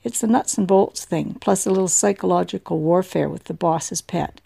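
Casting: woman reading a tired, earnest man, gravelly and mellow. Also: fairly low pitch, normal speed, full character voice. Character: tired overworked middle-aged man, earnest.

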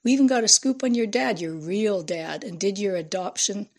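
A woman's voice: mid-range voice, normal speed, close to an everyday voice. A woman reading an indignant veteran newsman who scolds in an angry, exasperated way.

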